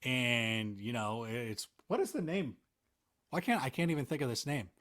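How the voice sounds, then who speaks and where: A man talking as a guest in a casual interview, animated, rambling and self-mocking. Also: mid-range voice, normal speed. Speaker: interview guest, NFL analyst.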